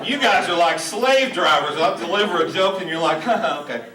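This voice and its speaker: High-voiced middle-aged man doing stand-up. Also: lively intonation, moderate pace. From Hot Springs, Arkansas. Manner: folksy, self-deprecating, teasing the crowd. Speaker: stand-up comedian. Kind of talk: stand-up comedy set. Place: small auditorium at a senior living community. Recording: echoey room, mic heard from a distance.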